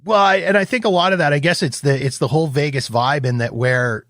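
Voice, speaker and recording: A man's voice: on the high side, fairly quick, a bit bright, no echo, clean studio sound. A man hosting a podcast, introducing guests and chatting in an easygoing, joking way. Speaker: podcast host. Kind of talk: podcast interview.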